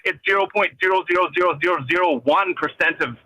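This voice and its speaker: A man's voice: high voice, fast, pushed and bright, no room sound. A man on a phone call from his vehicle, ranting in an agitated, rambling, swearing way with many restarts. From Canada. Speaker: caller. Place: in a vehicle driving.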